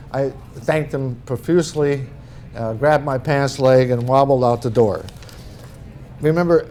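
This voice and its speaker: A man's voice: mid-range voice, darkish tone, slight background noise. A middle-aged man from northern Minnesota giving a talk as an author, telling humorous anecdotes in a folksy way. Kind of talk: storytelling presentation.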